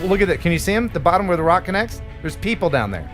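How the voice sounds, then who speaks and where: An American man hosting a casual livestream chat, jokey and quick to laugh. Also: high-pitched, faint music behind. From United States. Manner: jokey, laughs often, animated. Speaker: host.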